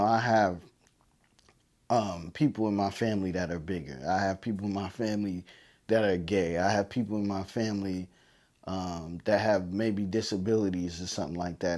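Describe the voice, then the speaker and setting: On his podcast, a man with a lowish, dark-toned voice shares emotional stories about his family. His delivery is heartfelt and repetitive, full of fillers, and he sounds choked up.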